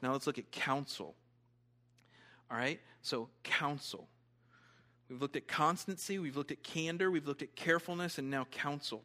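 A male pastor preaching a sermon in an animated way, dropping to hushed tones and rising again. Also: mid-range voice. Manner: animated, swings from loud to hushed.

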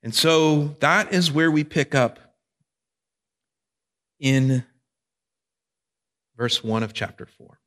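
A man's voice: on the high side, slow, pauses often, a bit bright. Male pastor, sermon delivery, conversational, engages listeners.

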